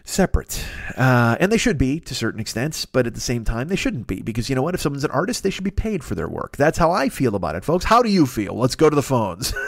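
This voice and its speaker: A man's voice: medium pitch, big pitch swings, creaky, no room sound, studio quality. A man hosting his own comedy podcast, ranting and riffing in a profane, rambling monologue. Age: 40s. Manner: profane, rambling, quick riffing rant with mock voices. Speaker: podcast host.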